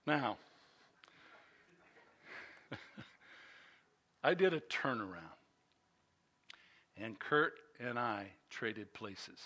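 An older pastor tells a personal story from the pulpit, animated, chatty and poking fun at himself, with fillers and restarts. His medium-pitched voice is very slow, broken by long pauses.

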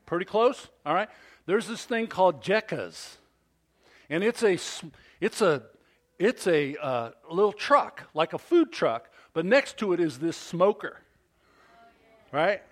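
A male pastor preaching a sermon at a church service, telling a story with animated delivery and frequent questions to the congregation. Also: sits high, unhurried.

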